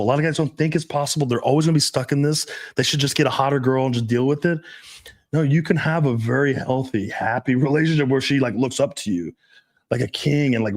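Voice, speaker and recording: A man in a casual podcast chat who talks bluntly and swears freely. His voice sits at an ordinary mid pitch, and he tells stories loosely with laughs. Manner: profane, blunt, storytelling with laughs. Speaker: dating coach, podcast host.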